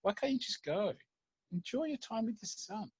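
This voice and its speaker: A man's voice: sits high, lively intonation, normal speed, darkish tone, husky, no echo, muffled recording, voice pushed up. A man voicing a reproachful mother in a told story, pleading with her husband. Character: reproachful mother, the father's wife.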